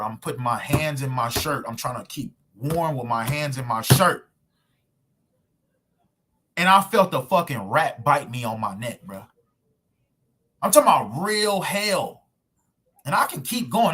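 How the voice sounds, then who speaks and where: There's a little hiss or hum behind this man's slightly high, fairly bright voice. He is at home with screen share, making a street preaching sermon video in which he preaches to camera in casual slang and hammers his points with rhetorical questions.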